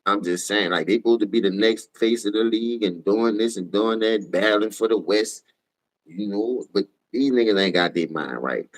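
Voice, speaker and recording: Man, New Orleans accent, slightly low voice, tired, profane heated rant, casual livestream. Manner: profane, heated, jumps between mumbling and shouting. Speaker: livestream sports host.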